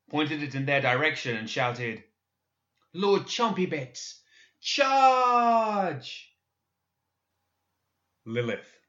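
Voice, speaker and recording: A man narrating a dark fantasy story in a measured, expressive audiobook style. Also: on the low side, lo-fi sound.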